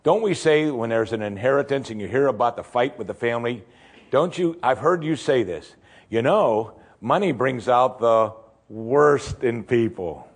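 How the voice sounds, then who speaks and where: A male pastor preaching a sermon in an animated way, full of rhetorical questions and acted-out voices. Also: mid-range voice, normal speed.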